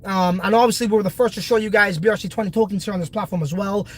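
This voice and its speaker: A man's voice: high voice, racing, poor audio. A congested man hosting a casual crypto video, talking in a brash, profane, hyped way. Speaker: crypto project host.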